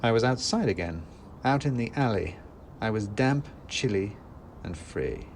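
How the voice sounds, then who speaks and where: A man's voice: fairly low pitch, a little slow, slight background noise. A man narrating a scripted first-person story in a dry, wry manner. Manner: dry and wry, with lively acted quotes.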